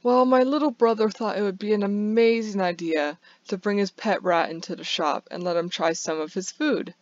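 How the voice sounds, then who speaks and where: A woman's voice: mid-range voice, steady tone, moderate pace, dry recording, natural voice. A woman voicing a kind, friendly young male barista who chats with amusement, on a dull lo-fi recording. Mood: amused.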